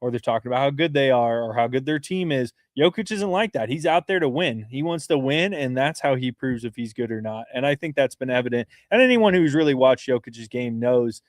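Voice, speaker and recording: A man in the middle of his range talks sports in a casual podcast chat, earnest and quick, with little room sound around him. He restarts phrases often as he builds his points. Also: medium pitch, expressive, dry recording, studio quality. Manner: earnest, fast-flowing analysis with many restarts.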